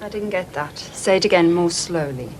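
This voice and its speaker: An actress playing a stern, brisk woman official questioning a young man. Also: lowish voice, darkish tone, a little hiss or hum, close to an everyday voice. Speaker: actor. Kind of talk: 1990s TV drama acting.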